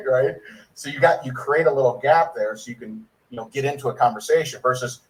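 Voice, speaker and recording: A man's voice: mid-range voice, normal speed, recorded from a distance, rough recording. A man giving a network marketing training and acting out sample conversations with prospects. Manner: conversational, acts out sample dialogues. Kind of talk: sales training talk.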